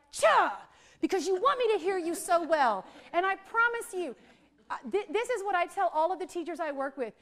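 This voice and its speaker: A middle-aged woman, leading a lively, chatty teacher training workshop for a group in a training room. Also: high voice. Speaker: literacy trainer.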